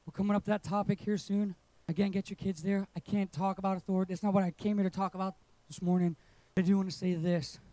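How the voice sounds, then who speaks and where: High-voiced man preaching with shouting bursts. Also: fast talker, dry recording, low-quality recording. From England. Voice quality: animated preaching, voice surging to shouts on emphasis. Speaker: pastor. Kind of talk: sermon. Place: church auditorium.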